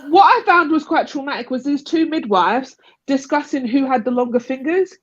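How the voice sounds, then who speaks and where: A woman's voice: sits high, expressive, moderate pace, no echo. A young woman on a live panel, casually telling a long personal story, rambling and laughing often as she acts out other people's lines. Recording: dull, lo-fi call audio.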